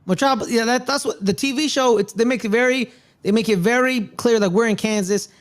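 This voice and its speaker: A woman's voice: fairly high pitch, brisk. A woman co-hosting a casual movie review podcast, pressing her point insistently in a friendly debate. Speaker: podcast co-host.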